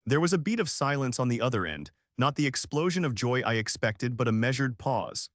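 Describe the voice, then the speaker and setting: A man in his forties reading a first-person story as narrator, with a smooth and even delivery. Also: medium pitch, brisk, dry recording, clean studio sound. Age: 40s.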